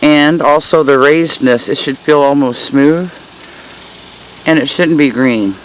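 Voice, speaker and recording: A gardening vlogger shows off her backyard garden in a casual, chatty tour, hot and sweaty in the heat and laughing at herself. Her voice is low and a little slow, and the rough recording carries some hiss or hum.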